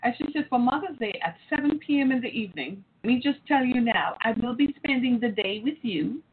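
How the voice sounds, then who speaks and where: Woman host in her forties, lively storyteller who acts out voices, heard down a thin phone-like line. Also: on the high side, fairly quick. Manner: animated, acts out quoted voices. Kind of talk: storytelling to an audience. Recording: tinny phone-like line with faint noise.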